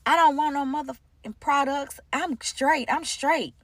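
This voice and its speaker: A woman voicing an indignant, defensive female client in a shrill, outraged tone. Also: unhurried, dry recording.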